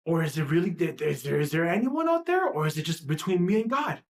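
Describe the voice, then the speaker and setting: A woman's voice: fairly low pitch, expressive, a little fast. Heated, profane woman ranting. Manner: profane, heated, repetitive rhetorical questions. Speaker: livestream host. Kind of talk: impassioned livestream rant.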